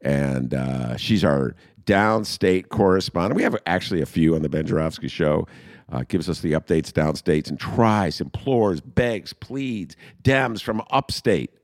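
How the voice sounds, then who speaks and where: A man's voice: sits low, a little slow, darkish tone, dry recording, studio quality. A middle-aged man hosting a political podcast, riffing sarcastically and mocking the people he talks about. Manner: sarcastic, riffing, mocking quotes in funny voices. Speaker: podcast host. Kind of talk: casual political commentary.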